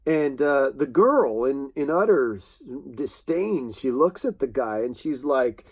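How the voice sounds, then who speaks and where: A man preaching a sermon in an earnest, halting way, with many restarts and fillers. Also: on the high side, animated, darkish tone.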